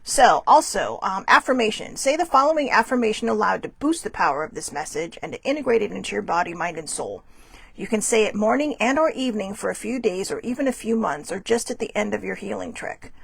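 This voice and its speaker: A woman hosting a casual spiritual card reading, chatty and self-correcting, reading passages slowly aloud. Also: mid-range voice, animated, vocal fry, fairly bright tone, slightly rough, dry recording. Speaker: host reading oracle cards.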